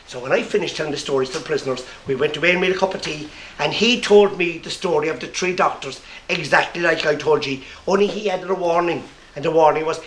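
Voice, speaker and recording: A man with an Irish accent telling a comic story live to an audience, lively and playful. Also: a little high, quick pace, hardly any pauses. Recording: echoey room with faint noise.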